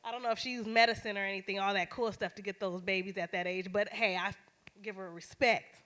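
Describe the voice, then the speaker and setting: Bright-voiced woman host, blunt and casual. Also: mid-range voice, steady tone, fast talker. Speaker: show host. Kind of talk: introducing the next comedian. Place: small theater stage, live.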